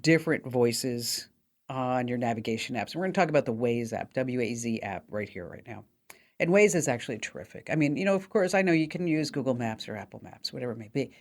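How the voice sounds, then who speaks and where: A woman's voice: a bass voice, darkish tone. A woman hosting a tech call-in radio show, talking in a chatty, upbeat way with plenty of fillers. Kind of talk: casual call-in radio talk.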